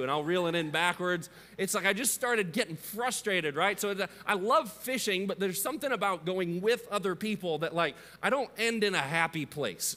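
A man's voice: high voice, sharp tone. A man in his thirties with a Midwest American accent, preaching a sermon in a chatty, questioning way. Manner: conversational, asks the audience questions. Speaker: pastor. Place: church sanctuary. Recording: long hall reverb.

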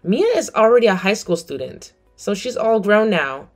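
A woman's voice: medium pitch, lively intonation, moderate pace, faint music behind. A middle-aged woman narrating her story and speaking coldly and firmly to her family. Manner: cold, firm. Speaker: narrator and mother.

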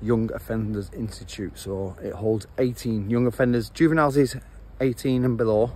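A man's voice: medium pitch, steady tone, normal speed, warm tone. A man chatting bluntly in slang as he walks along a road, filming on a handheld phone. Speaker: vlogger. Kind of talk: casual walking vlog. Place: outdoors walking along a road. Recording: outdoor traffic noise.

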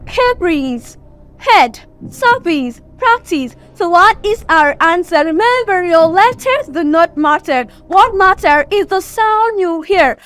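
A woman's voice: very high-pitched, fairly bright tone. A woman with a Nigerian accent teaching an English exam prep lesson, saying each word several times as a drill.

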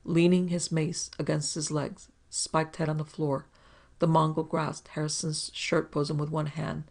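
A woman reads a pulp adventure tale aloud with measured, even pacing. Her voice is gravelly and husky, with a flat pitch that barely moves. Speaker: narrator and producer. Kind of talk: scripted narration of a pulp adventure story.

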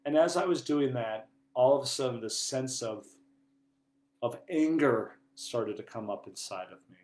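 Earnest priest preaching in an echoey room. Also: male voice, mid-range voice, normal speed. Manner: earnest, wide swings from hushed to loud. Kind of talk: sermon.

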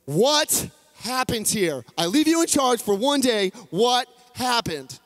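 A man's voice: extremely high pitch, big pitch swings, slow, a bit bright, pitched above the performer's own voice, full character voice. A man voicing a panicked old male shopkeeper who shrieks over his ruined stock, in a reverberant hall. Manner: shrieking, frantic. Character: panicked old male idol-shop owner.

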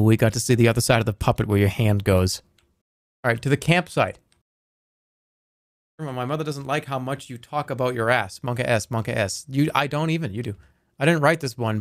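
A man's voice: medium pitch, no echo, studio quality. A man streaming a game live, rambling playfully and reading viewer messages aloud.

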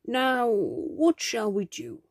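A woman voicing a kindly male bronze lion in a picture-book reading, with a gentle, playful manner. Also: fairly high pitch, very animated, very slow, breathy edge, no echo, studio quality, heavily acted.

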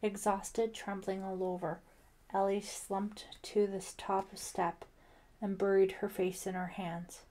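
A woman narrates a thriller audiobook at a slow, deliberate pace. Her pitch sits in a middle range, and she tells the story in an even, scripted way.

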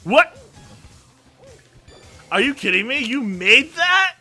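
A young man giving excited, laughing commentary while playing a game with a friend. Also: extremely high pitch, takes it slowly, faint music behind. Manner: shouting, laughing, hyped. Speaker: gaming YouTuber.

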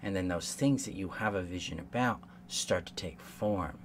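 Earnest man coaching, low voice. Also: moderate pace. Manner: earnest, explains step by step with repeated phrases. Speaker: codependency coach. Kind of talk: solo teaching monologue. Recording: faint background noise.

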